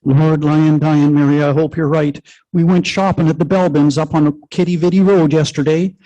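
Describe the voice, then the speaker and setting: A man's voice: fairly high pitch, steady tone, mellow, lo-fi sound, close to an everyday voice. A man doing a fretful older woman. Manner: fretful, rushing worry. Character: anxious older woman friend.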